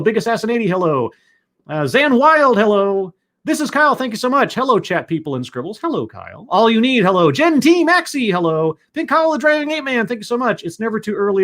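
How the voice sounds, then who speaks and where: Livestream host, man, higher voice with a lively up-and-down delivery, rambling casual commentary. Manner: rambling, greets chat members by name.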